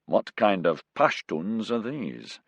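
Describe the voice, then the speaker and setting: A man voicing a stern British army captain who gives brisk commands in a raised voice. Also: lowish voice, big pitch swings, no room sound, full character voice. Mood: brusque.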